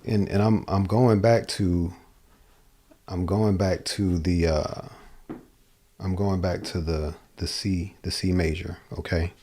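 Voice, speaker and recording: A man's voice: low-pitched, steady tone, slow, warm tone. A man giving a casual livestream guitar lesson, thinking aloud and often repeating and restarting his phrases, with a guitar behind him. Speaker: guitar teacher. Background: guitar playing.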